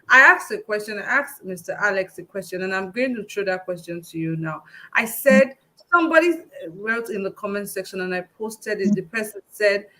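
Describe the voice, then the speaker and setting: A woman's voice: mid-range voice, pushed and bright, poor audio. A woman hosting a panel and putting viewer questions to the guests. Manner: questioning, steers the talk. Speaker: host. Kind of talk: moderating a panel discussion.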